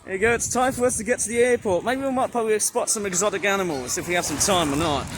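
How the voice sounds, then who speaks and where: A man narrating a casual outdoor vlog, excitable and exclaiming often, out of breath as he hurries uphill. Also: high-pitched, fast. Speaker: vlogger. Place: outdoors in a park near an airport. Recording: loud outdoor noise.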